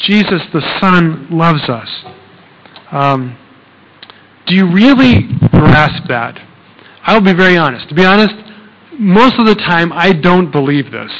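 A man's voice: on the high side, a bit bright, big-room sound, muffled recording. A man preaching a sermon in a conversational way, often checking in with "okay?" and using fillers. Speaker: pastor.

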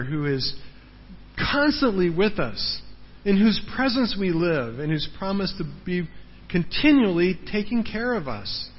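A man's voice: high-pitched, husky. A man preaching a sermon as a pastor, earnest, repeating words for emphasis and often checking in with the congregation. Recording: dull sound in a large reverberant hall.

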